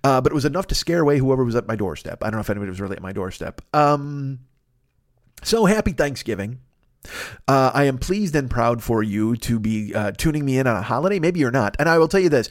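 A man's voice: mid-range voice, animated, fast, no room sound, studio quality. A man hosting a solo podcast, rambling and swearing freely as he riffs in a casual monologue. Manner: profane, rambling, riffing with voiced asides. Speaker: podcast host.

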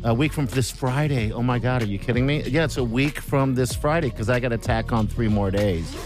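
A man's voice: mid-range voice, over music. A man hosting a morning radio show, joking and chatting casually with his co-hosts. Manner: lively, quick to laugh and joke.

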